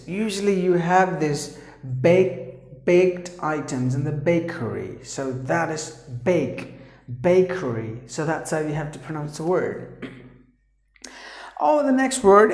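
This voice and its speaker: A man gives an English pronunciation lesson, repeating every word several times. He speaks at a very unhurried pace. His voice rings in a noticeably echoey room. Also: fairly high pitch, animated. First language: Tamil. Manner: slow, repetitive, drills words aloud.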